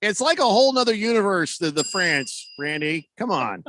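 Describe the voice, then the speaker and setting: A man's voice: sits high, sing-song, moderate pace, pushed and bright, a little hiss or hum. A man hosting a sports radio show in casual, rambling talk, joking around with plenty of fillers on a studio microphone.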